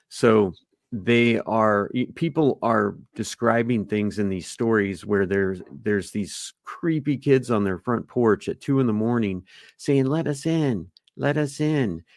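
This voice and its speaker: Man, low gravelly voice, casual podcast chat, dry close sound. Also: no room sound. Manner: relaxed, conversational, acts out quoted lines. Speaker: podcast co-host.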